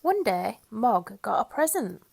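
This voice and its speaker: A woman reading a children's picture book aloud in an expressive, sing-song storytelling manner. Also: a little high, measured pace, creaky.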